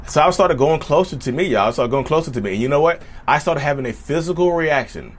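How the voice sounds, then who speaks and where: A man's voice: a little high, lively intonation, quick pace, husky. A man vlogging in a casual storytelling way, chatty and repetitive, often turning to his viewers directly. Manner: chatty, repetitive, keeps addressing viewers as y'all.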